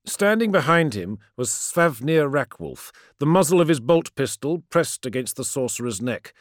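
A man giving dramatic, expressive audiobook narration. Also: on the high side, normal speed, no room sound, clean studio sound. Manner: expressive storytelling.

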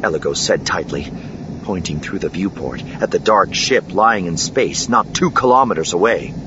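A man narrating an audiobook in an expressive, dramatic reading. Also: low-pitched, normal speed. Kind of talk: scripted narration. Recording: dull lo-fi with steady noise.

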